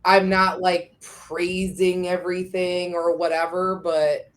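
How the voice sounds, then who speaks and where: A woman's voice: on the low side, level tone, slow pace. A woman in casual chat, talking hesitantly and searching for her words. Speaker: guest.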